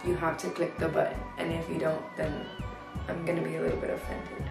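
A woman's voice: sits low, huge pitch swings, a little fast, creaky. Giggly woman vlogging, roomy sound. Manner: chatty and giggly, talking to the camera. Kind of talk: casual vlog chat. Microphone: camera held by someone else. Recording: roomy, camera a bit distant. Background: music playing.

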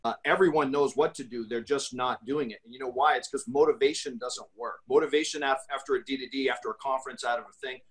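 A man talking casually on a podcast as a guest, pitching his talk with emphatic, salesy energy and acting out customer quotes. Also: steady tone, quick pace, few pauses, a bit bright, rough recording. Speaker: guest speaker.

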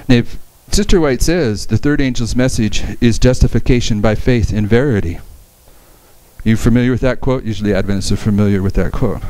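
A man's voice: medium pitch, fairly quick, mellow, no room sound, poor audio. A man giving a Bible study lecture, reading verses aloud and explaining them with frequent restarts.

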